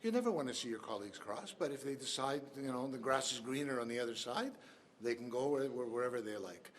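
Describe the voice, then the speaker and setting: A man's voice: medium pitch, lively intonation, fast talker. Emphatic male politician in a scrum. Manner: emphatic, repeats "okay?". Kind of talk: press scrum answers. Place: busy hallway. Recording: noisy crowd around.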